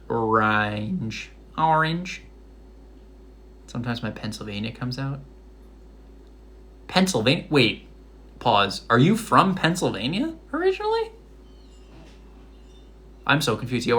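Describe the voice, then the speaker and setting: A man's voice: medium pitch, wildly swooping pitch, normal speed, long pauses, fairly bright tone. A young man with a Rhode Island accent, chatting casually on a live stream from his home kitchen, full of fillers. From Massachusetts. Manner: chatty, many likes and fillers.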